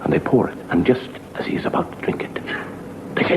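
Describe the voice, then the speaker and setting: A middle-aged man, a comedian and host, telling a spooky tale slowly and dramatically, dropping to a hush in places, on a dull, hissy old TV recording. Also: sits high, wildly swooping pitch, gravelly. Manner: slow, dramatic, hushed in places. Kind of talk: theatrical storytelling.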